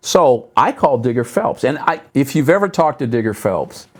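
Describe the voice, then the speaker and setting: This middle-aged man is a pastor visiting a talk show taped in a local public access TV studio, where he relates stories conversationally at a normal speed. Other people's words come out in sharp upward jumps of pitch, while his side comments drop low, all delivered with animation.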